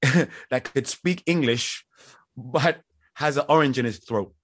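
A man's voice: mid-range voice, slow, a bit bright, no room sound, clean studio sound. Joking, rambling male podcast co-host. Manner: rambling, joking, laughs often. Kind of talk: casual chat.

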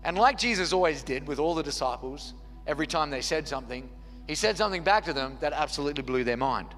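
High bright male voice, earnest sermon, reverberant hall, soft music behind. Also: lively intonation, quick pace. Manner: earnest, repetitive preaching cadence. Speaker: pastor.

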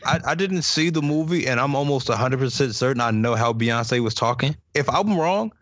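A man's voice: mid-range voice, expressive, moderate pace, fairly bright tone, no echo, highs cut off. A young man co-hosting a podcast, joking and teasing in casual banter. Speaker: podcast co-host. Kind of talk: casual chat.

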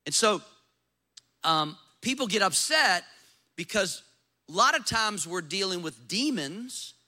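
A man, a pastor preaching a sermon in a church, acting out doubters' voices as he goes. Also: slow. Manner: animated preaching, acts out skeptics in a high voice.

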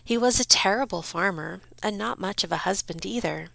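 A woman's voice: mid-range voice, fairly quick, gravelly, fairly bright tone, no echo. A woman narrating a storybook in a wry, dry storytelling manner.

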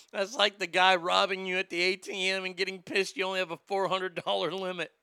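A man's voice: high-pitched, level tone, normal speed, gravelly, pushed and bright, smooth, no echo, clean studio sound. A middle-aged man hosting comedic commentary, mocking and sarcastic, laughing often and slipping into silly voices. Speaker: host.

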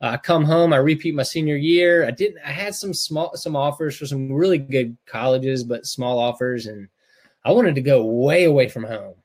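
A man's voice: medium pitch, normal speed, a little mellow. Emotional, rambling middle-aged man. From North Carolina, US. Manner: emotional, rambling with many restarts and fillers. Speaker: podcast co-host, parent. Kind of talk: casual podcast chat.

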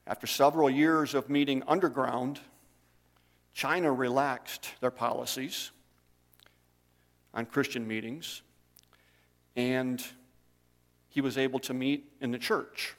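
A man's voice: medium pitch, steady tone, slow pace, pauses often. Preaching man in a reverberant hall. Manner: conversational preaching with storytelling. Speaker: pastor. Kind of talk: sermon.

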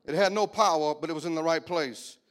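Cajun pastor, middle-aged man, high voice, joking sermon with sudden whoops. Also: fairly quick. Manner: joking, animated, breaking into shouts and whoops. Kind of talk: humorous preaching.

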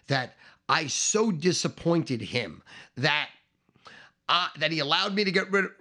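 A middle-aged man telling a profane comic story, animated and swearing, acting out the shouting voices in it. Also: fairly high pitch. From Staten Island, New York.

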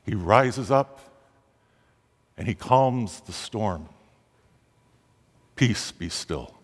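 With lively intonation and drawn-out words, a male preacher delivers a dramatic sermon, his voice rising on quoted pleas. The sound echoes with the long reverb of a large church hall.

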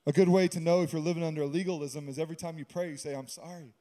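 A man's voice: a little high, fairly even intonation, rapid-fire, mellow. A man pastor giving a sermon in a conversational way, with humorous asides and stories.

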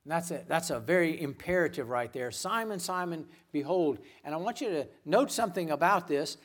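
Guest preacher, man, slightly high voice, earnest sermon delivery with hushed repeated names. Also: quick pace. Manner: earnest, repeats words, drops to a hush on quoted names.

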